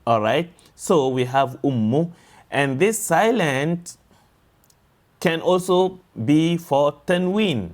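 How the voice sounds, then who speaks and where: A man's voice: on the high side, animated, darkish tone. Patient man teaching letter sounds. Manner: patient, repeats and drills sounds slowly. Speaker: Quran tajwid teacher. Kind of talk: slow explanatory lesson.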